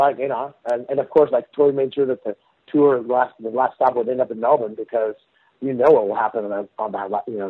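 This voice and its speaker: A man's voice: mid-range voice, breathy edge, no room sound. A man, a rock singer, telling stories in a rambling, casual way, with many fillers and restarts. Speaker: rock singer, interview guest. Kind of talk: casual phone interview. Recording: dry tinny phone line.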